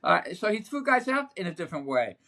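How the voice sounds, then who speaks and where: An older man who is a sportswriter, telling rambling, animated stories as a podcast guest with many restarts. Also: sits high, quick pace, gravelly. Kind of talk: anecdotal podcast conversation. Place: podcast setup.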